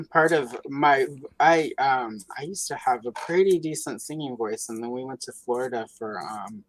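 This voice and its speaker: A woman's voice: rumbling low, moderate pace, a little hiss or hum, low-quality recording. Chatty, rambling woman host. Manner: rambling, lots of fillers, chatty. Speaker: livestream host. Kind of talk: casual livestream chat.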